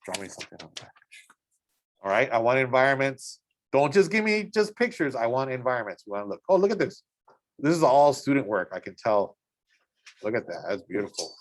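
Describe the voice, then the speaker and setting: An eager male teacher talks a class through pictures in a school art room. His voice sits at an ordinary middle pitch. He keeps pausing to admire things and to check that the students are following. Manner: enthusiastic, exclaims over images and keeps checking in with "right?". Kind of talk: casual classroom instruction while browsing images.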